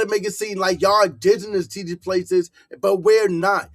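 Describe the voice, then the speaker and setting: A man from Harlem with a New York accent, talking in a casual vlog. His voice sits fairly high, and the recording is dry and close. He talks in loose slang and gets heated as he goes. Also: fairly even intonation, moderate pace, no room sound. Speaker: vlogger.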